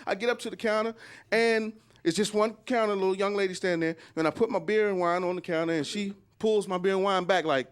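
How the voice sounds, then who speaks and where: A man in his forties doing a stand-up comedy story, jumping into high squeals when he acts out quotes. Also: fast, clear, resonant tone. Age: 40s. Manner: animated, jumps into high squeals acting out quotes.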